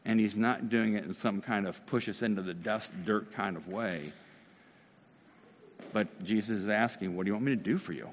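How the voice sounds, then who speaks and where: A man's voice: on the low side, normal speed, a little hiss or hum. Earnest preaching man in a reverberant hall. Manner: earnest, conversational preaching with rising emphatic bursts. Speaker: pastor. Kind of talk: sermon.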